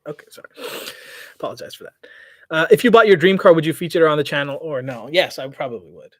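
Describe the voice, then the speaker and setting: A man hosting a casual livestream Q&A outdoors, talking in a slangy, animated way that trails off at the ends of phrases. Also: a little high, fast, no room sound, clean studio sound. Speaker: host. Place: outdoors by parked cars.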